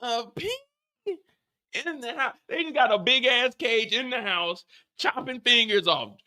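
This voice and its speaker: A man hosting a live TV after-show, ranting in an animated, profane way. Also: extremely high pitch, unhurried. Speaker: host.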